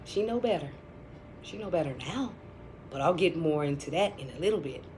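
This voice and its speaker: A woman's voice: sits low, expressive, a little fast, darkish tone, a little hiss or hum. A woman telling a personal story in a casual vlog, blunt and chatty, full of profanity and dramatic asides.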